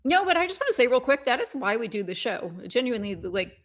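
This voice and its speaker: A woman's voice: on the high side, sing-song, quick pace. Giggly woman co-hosting a talk show. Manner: giggly, playful. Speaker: co-host and researcher. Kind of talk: casual political news chat.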